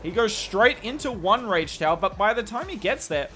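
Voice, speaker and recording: Bright-voiced Australian man commentating gameplay. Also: sits high, very animated, normal speed. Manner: chatty, candid, self-deprecating asides. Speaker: strategy video commentator.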